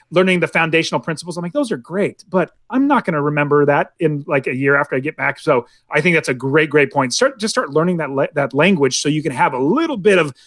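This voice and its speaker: A man's voice: a little high, fairly bright tone, no echo, clean studio sound. A man co-hosting a casual movie podcast, telling stories in a rambling way, full of "like" and restarts. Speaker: podcast co-host.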